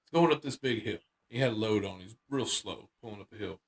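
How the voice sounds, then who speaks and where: A man's voice: lowish voice, quick pace, vocal fry. A man casually retelling a secondhand paranormal story on a talk show, rambling with lots of fillers and restarts.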